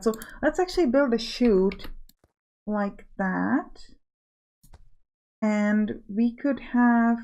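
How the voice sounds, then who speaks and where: Woman chatting through a city-builder game. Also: on the high side. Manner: chatty, thinking aloud, bossing game units. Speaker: let's play host. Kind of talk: casual game commentary.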